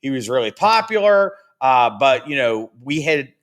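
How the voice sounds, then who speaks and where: A man's voice: mid-range voice, sing-song, moderate pace, fairly bright tone. A man teaching a casual history lecture, chatty and full of fillers, sometimes acting out quotes. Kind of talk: recorded classroom lecture.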